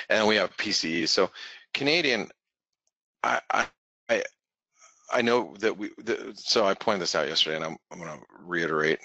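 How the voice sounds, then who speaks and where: Hosting a webinar, this forex analyst gives rambling, casual live commentary on the markets, often correcting himself and starting over. He has a low-pitched, sharp voice. The lo-fi recording carries no room sound.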